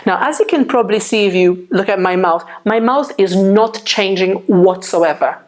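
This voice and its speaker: A woman teaching English pronunciation in a patient, clear classroom manner, checking in with her viewers often. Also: medium pitch, moderate pace, darkish tone. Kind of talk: slow, clear classroom explanation.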